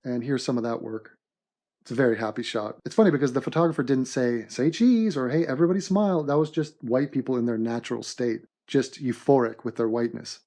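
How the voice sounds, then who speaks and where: A man's voice: medium pitch, a little fast. Man in a sarcastic comedy voiceover. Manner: mock-serious, deadpan sarcasm. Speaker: host and narrator of an animated commentary.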